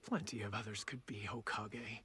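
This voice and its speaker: A woman's voice: extremely low pitch, fairly even intonation, normal speed, pushed and bright, a little hiss or hum. An actress voicing a proud adult female ninja leader in an anime dub, speaking in a firm, matter-of-fact way. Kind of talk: anime English dub acting.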